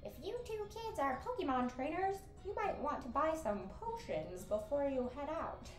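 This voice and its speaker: A woman's voice: high voice, sing-song, normal speed, pitched above the performer's own voice. A snobbish, stuck-up young lad from a video game, as a woman puts on his voice. He talks down his nose in a raised, haughty voice. The sound carries a roomy echo with faint music underneath. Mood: advising. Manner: put-on haughty voice. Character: snobbish young male trainer.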